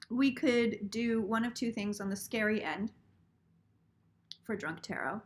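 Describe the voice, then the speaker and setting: A woman with a high, bright voice hosts a live tarot stream. Her chat is casual and profane. She laughs often and tells her stories with lively energy, slipping into the voices of the people she quotes. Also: normal speed, pauses often. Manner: animated, profane storyteller who laughs often. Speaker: psychic tarot reader hosting a live stream.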